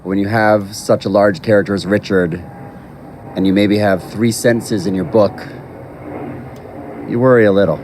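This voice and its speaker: A man officiating at an outdoor graveside, delivering a formal, measured prepared eulogy. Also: lowish voice, fairly even intonation, noisy background. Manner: measured, formal, reading from a text.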